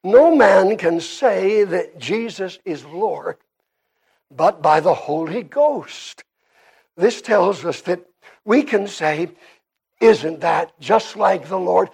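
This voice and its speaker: A man with a Canadian accent preaching a sermon, emphatic and shifting between quiet and loud passages. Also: sits high, expressive, takes it slowly, creaky, husky.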